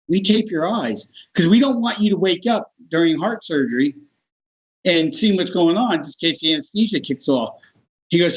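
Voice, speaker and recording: Animated storytelling man, fairly high voice. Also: moderate pace, husky, rough recording. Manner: animated, acts out other people's voices in his stories. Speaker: guest. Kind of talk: casual storytelling.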